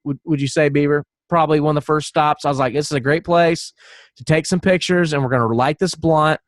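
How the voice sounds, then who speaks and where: A man's voice: on the high side, fairly even intonation, a little fast, no room sound, clean studio sound. A man co-hosting a podcast, telling a rambling, profane story with lots of laughter. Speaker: podcast co-host. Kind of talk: casual podcast chat.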